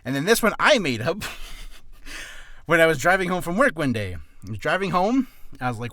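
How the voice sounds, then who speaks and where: Casting note: nervous, quick-talking man, voice swinging high and low, close dry sound. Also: big pitch swings, fairly bright tone, no room sound. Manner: rambling, self-deprecating, quick-talking. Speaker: aspiring voice actor giving warm-up tips. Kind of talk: casual vlog tutorial. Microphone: camera on a stand.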